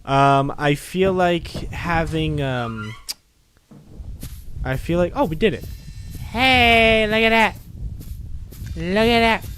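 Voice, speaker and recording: A man's voice: sits high, takes it slowly, long pauses, a bit bright, a little hiss or hum. A man chatting casually on a game livestream, rambling and apologetic, sounding tired. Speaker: game streamer.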